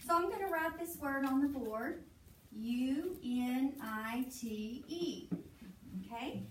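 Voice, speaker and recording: A woman's voice: high-pitched, animated, slow, recorded from a distance. A woman teaching a phonics lesson in a classroom, patiently prompting her students to finish her sentences. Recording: echoey classroom recorded from afar, with noise.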